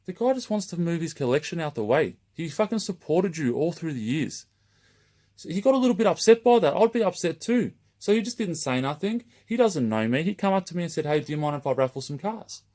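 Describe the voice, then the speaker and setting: A man's voice: a little high, sing-song, brisk, a little mellow. A man running a raffle page, delivering a heated, rambling open-letter rant straight to camera and swearing constantly.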